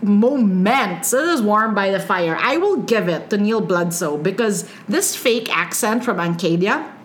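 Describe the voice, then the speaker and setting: A woman co-hosting a casual movie chat, gushing and animated, with quick asides and frequent laughter. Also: mid-range voice, a little hiss or hum. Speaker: podcast co-host reviewing holiday movies.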